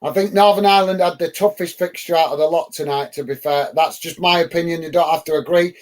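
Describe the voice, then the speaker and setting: Chatty high-voiced British football host. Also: male voice, steady tone, fast. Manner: casual, chatty, frequent ums and uhs. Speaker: host of a football watch-along. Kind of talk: live match commentary and chat with viewers.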